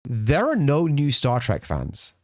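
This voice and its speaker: A man's voice: mid-range voice, huge pitch swings, slow, a little mellow, no echo, clean studio sound. A man co-hosting a podcast in casual chat, ranting and repeating his words as he goes. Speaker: podcast co-host. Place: podcast studio.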